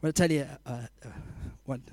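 A man preaching a sermon, telling animated stories, laughing often and acting out scenes. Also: a little high, fast, dry recording.

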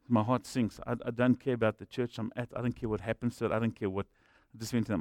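A middle-aged man preaching a sermon, telling stories that swing from hushed to shouting. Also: medium pitch, steady tone, quick pace, hardly any pauses, dry recording, studio quality. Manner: storytelling, swings from quiet to shouting. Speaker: pastor.

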